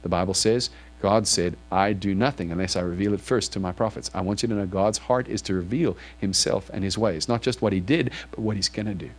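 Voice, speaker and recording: A man's voice: fairly low pitch, fairly quick, few pauses. A man preaching to his congregation in church, reading scripture aloud and then asking it probing questions. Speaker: pastor. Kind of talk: sermon.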